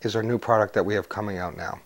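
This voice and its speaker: A man's voice: fairly low pitch, fairly even intonation, fast. A man explaining and promoting his product in an interview, earnest and persuasive, with rhetorical questions. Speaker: company founder.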